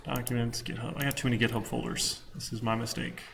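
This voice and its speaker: A male college instructor talks through a class in a loose, rambling way, full of ums while he works at his laptop. His voice has a gravelly edge, and faint room noise hums under the lecture recording. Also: mid-range voice, level tone, quick pace.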